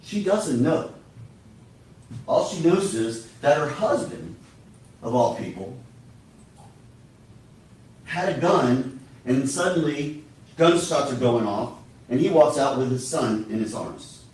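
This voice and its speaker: Speaking slowly and pausing often, the man has a medium-pitched, expressive, slightly mellow voice. As a prosecutor giving his closing argument, he speaks straight to the jury, emphatic and persuasive, in a large courtroom recorded from a distance with heavy echo.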